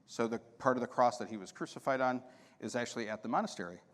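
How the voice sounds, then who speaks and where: A man's voice: medium pitch, fast talker. A man giving a storytelling talk at a conference, acting out voices in his anecdotes. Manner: animated anecdotes with quoted dialogue. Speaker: conference speaker. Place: conference hall. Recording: hall reverb.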